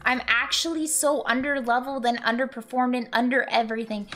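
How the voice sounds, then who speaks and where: Young woman streamer, high bright voice, exasperated and cursing while gaming. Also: steady tone, fairly quick. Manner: exasperated, swearing, venting at the game. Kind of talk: live gameplay commentary.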